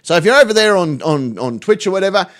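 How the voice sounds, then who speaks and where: High, lively stream host. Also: male voice, fast talker. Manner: sweary, joking storyteller. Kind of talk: casual live stream chat.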